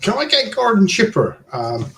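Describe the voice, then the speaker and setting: High gravelly guy playing a tabletop game, slow and deadpan. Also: a little hiss or hum. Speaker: player. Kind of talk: casual tabletop game chat.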